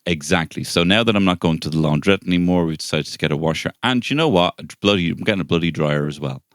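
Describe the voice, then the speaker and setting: A man's voice: fast talker, dry recording, clean studio sound. A man co-hosting a casual comedy chat, telling stories with lots of swearing. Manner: animated storyteller, swears freely, breaks into high shouted impressions. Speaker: podcast co-host.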